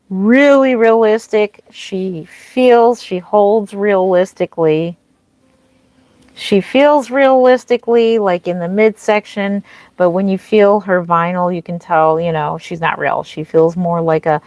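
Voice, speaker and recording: A woman's voice: fairly low pitch, a little mellow, no echo. A woman streaming live as a reborn doll artist, chatting casually, greeting viewers and answering their comments with frequent ums and restarts.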